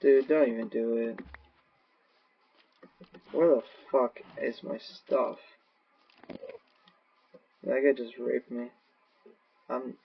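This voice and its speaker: A man doing gaming commentary, rambling to himself with profane, erratic outbursts and sudden yelling. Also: medium pitch, gravelly, breathy edge. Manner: rambling self-talk. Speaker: gaming channel host. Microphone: laptop mic. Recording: dull lo-fi laptop mic.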